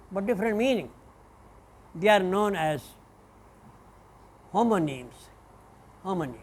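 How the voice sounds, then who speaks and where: A man lecturing as a professor, speaking deliberately and spelling out example words letter by letter. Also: high-pitched. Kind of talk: classroom lecture.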